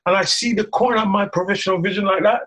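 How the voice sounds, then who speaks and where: Male guest, firefighter. Animated storyteller who laughs a lot and stammers. Husky voice, slightly high. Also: fast talker. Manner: laughs often, acts out quotes, stammers.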